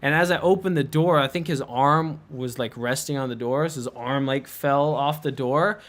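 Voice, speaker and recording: A young man telling a rambling story on a podcast, animated, laughing and imitating people as he goes. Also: medium pitch, moderate pace. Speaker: podcast co-host. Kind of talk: casual storytelling.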